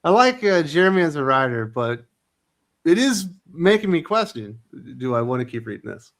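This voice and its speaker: A man's voice: fairly high pitch, sing-song, moderate pace, fairly bright tone. A man hosting a podcast, wryly reading listener comments and moving things along. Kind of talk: casual podcast chat.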